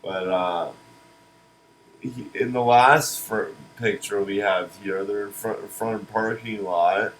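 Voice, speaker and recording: A man pitching a cartoon series in casual comedic chat, rambling and restarting words. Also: steady tone, slow pace, a little hiss or hum, poor audio. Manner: rambling, restarts words, laughs at own jokes.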